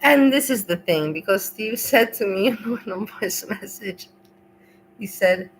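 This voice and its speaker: A woman's voice: medium pitch, normal speed, a bit bright, slight background noise, poor audio. Rambling, emotional woman streamer. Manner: rambling, emotional, swears freely. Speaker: livestream host. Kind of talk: casual livestream chat.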